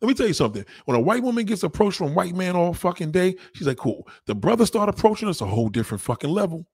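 A man's voice: sits high, very animated, rapid-fire, a little mellow, husky, no room sound. A man talking in a casual, blunt and crude rant, often repeating himself for emphasis. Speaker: monologue speaker.

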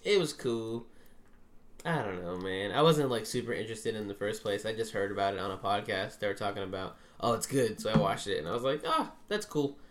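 A man's voice: on the low side, a little fast. A man co-hosting a casual podcast, joking around, laughing often and rambling loosely. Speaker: podcast co-host. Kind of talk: casual chat.

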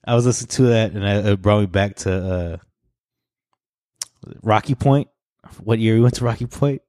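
Low-voiced guy on a podcast, chill and swear-y, laughs a lot, dry close mic. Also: moderate pace, pauses often, dry recording. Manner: loose, laughing, profane banter with bursts of mock shouting. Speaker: podcast co-host. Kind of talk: casual chat.

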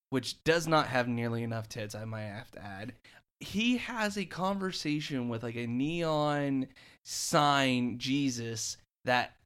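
Guy co-host, mid-pitched voice, stumbles and restarts a lot. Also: a bit bright, clean tone. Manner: halting, with lots of stammered restarts. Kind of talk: casual chat.

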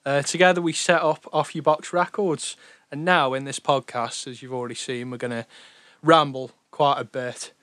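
A man's voice: medium pitch, steady tone, moderate pace, few pauses, fairly bright tone, no room sound. A young man from Stoke with a Stoke-on-Trent accent, co-hosting a podcast about running a record label in a rambling, chatty way. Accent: Stoke-on-Trent English. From England. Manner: rambling, chatty, self-deprecating. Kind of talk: casual podcast chat.

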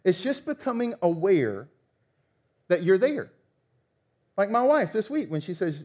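Male pastor, thirties, slightly high voice, animated storyteller who acts out quotes. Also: unhurried. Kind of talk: sermon.

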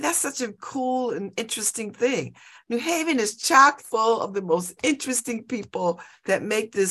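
A woman's voice: mid-range voice, bright, forceful tone. A woman hosting a radio talk show, chatting casually, laughing and repeating herself.

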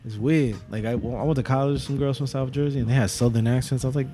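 A man's voice: mid-range voice, steady tone, fast, few pauses, dark tone. A young man, co-hosting a podcast, telling rambling profane stories and laughing often. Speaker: podcast co-host. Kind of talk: casual chat.

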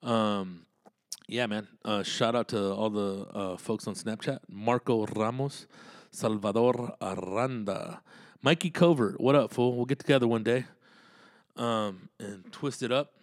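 A man's voice: fairly low pitch, measured pace, dry recording, clean studio sound. A man hosting his own podcast, rambling in a loose monologue full of cursing and street slang. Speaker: podcast host and comedian.

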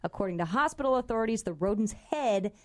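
A woman's voice: mid-range voice, fast. A woman co-hosting a radio talk show, reading odd news stories with giggles. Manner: giggly, animated.

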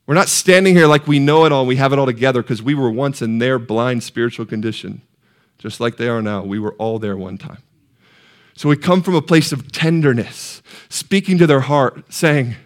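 Male pastor, mid-pitched voice, sermon delivery: quiet and tender one moment, rising to loud peaks the next, questions to the room. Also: normal speed. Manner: passionate, swings from hushed to soaring shouts; asks the congregation questions. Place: church sanctuary.

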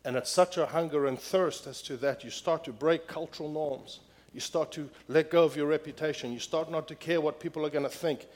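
A man preaching a sermon as pastor in a church, repeating key phrases with emphasis and growing loud when reading scripture. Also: fairly high pitch, fairly quick.

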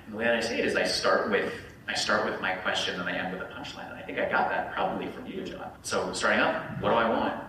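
A man who trains residents looks back on his own training in a relaxed podcast talk, reflective and candid. His voice sits fairly low but sounds bright. He is off the mic in a very echoey room with a light hiss. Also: fast talker, few pauses. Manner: reflective, tells personal anecdotes. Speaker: physician who teaches residents. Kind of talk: casual podcast discussion. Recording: echoey room, distant mic, faint noise.

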